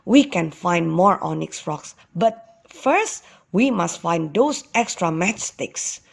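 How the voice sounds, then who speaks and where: A woman doing a gentle father ox. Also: lowish voice, expressive, slow pace, gravelly, heavily acted.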